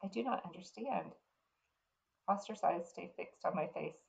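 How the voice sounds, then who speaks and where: A woman reading a fantasy novel aloud in the first person, in an earnest, unhurried way. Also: lowish voice, creaky, darkish tone, muffled recording. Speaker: reader.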